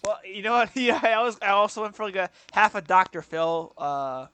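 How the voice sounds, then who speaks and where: Rambling high-voiced young man. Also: expressive, a little fast, smooth. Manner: rambling, filler-heavy, breaks into loud impressions. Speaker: podcast co-host. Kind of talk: casual podcast chat.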